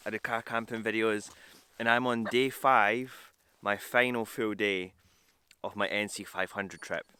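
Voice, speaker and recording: A man with a low voice chats to camera while hiking outdoors. He rambles and pokes fun at himself, sounding slightly winded from the walk. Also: steady tone, a little slow, pushed and bright, clean tone. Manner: chatty, rambling and self-deprecating. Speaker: van life vlogger. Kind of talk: casual vlog talking to camera. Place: outdoors on a coastal hiking trail.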